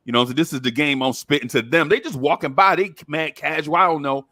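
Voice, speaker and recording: A man's voice: a little high, fast, few pauses. A man, telling a long story in casual chat and acting out the other people's voices. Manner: animated storyteller, acts out voices. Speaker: podcast co-host.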